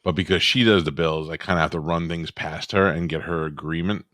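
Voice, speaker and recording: A man with a low, heavy voice chats loosely on a podcast and peppers his stories with profanity. The sound is close and dry, with no room around it. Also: steady tone, a little fast, fairly bright tone, dry recording. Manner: profane, storytelling banter. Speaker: podcast co-host. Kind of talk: casual chat.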